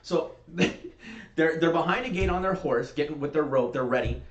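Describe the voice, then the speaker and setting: A man's voice: fairly high pitch, moderate pace, highs cut off. A man on a podcast ranting through a story, swearing a lot and getting heated. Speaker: podcast co-host. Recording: roomy echo.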